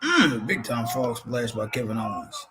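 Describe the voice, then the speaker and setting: A man's voice: medium pitch, huge pitch swings, measured pace, noisy background. A man hosting a live stream, giving slangy, laugh-filled casual commentary and reading chat aloud.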